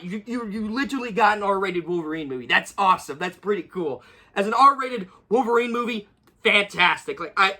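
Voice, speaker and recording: A man's voice: sits high, bright, forceful tone. A young man giving a casual, rambling movie review, gushing and repeating himself with many fillers.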